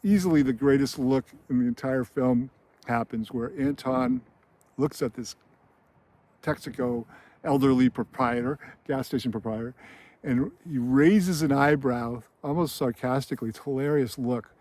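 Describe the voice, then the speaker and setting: A man's voice: mid-range voice, normal speed, darkish tone. A man hosting a screenwriting channel, telling a film scene in casual commentary with an enthusiastic, filler-heavy storytelling manner.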